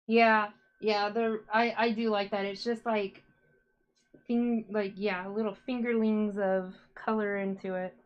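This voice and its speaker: A woman's voice: medium pitch, flat delivery, a little slow, dull audio. A woman hosting a casual live stream as a yarn dyer, chatty and upbeat, talking to her viewers as she works.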